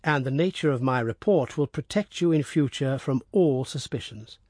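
Guy doing a cold formal prosecutor, slow and oratorical, husky voice. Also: mid-range voice, a little mellow, no room sound, clean studio sound, natural voice. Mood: solemn. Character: cold, scheming male revolutionary prosecutor.

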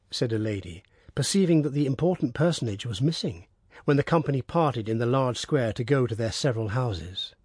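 Man narrating an old novel, kinda husky, dry close sound. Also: mid-range voice, animated, brisk, darkish tone, dry recording. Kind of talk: scripted audiobook narration.

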